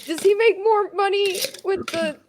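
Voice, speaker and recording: A woman's voice: extremely high pitch, measured pace, darkish tone, no echo. A woman player joking bluntly and teasing the others at a tabletop game. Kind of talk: casual banter at a tabletop game.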